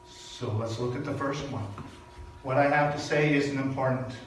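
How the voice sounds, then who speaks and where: An older man from Canada giving a personal sermon at a church service, telling stories with animated, emphatic repetition. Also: mid-range voice, normal speed. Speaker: speaker at a spiritual church service. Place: large echoey hall. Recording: very echoey hall from far off, faint noise.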